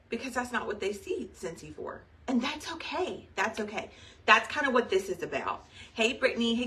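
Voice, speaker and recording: A woman's voice: mid-range voice, pushed and bright, recorded from a distance. Chatty woman on a livestream. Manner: chatty and rambling, says y'all, frequent fillers. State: pregnant. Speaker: direct sales team leader. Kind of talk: casual live video talk to her team.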